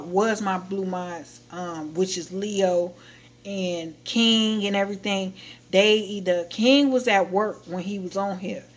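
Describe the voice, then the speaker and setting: Woman livestreamer, mid-pitched voice, loose animated storytelling, casual chat. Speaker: livestream host.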